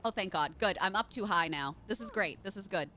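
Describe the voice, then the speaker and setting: Excitable, swearing woman streamer. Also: mid-range voice, a little fast, a little hiss or hum. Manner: excitable, swearing, shrieks in panic. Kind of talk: live game stream commentary.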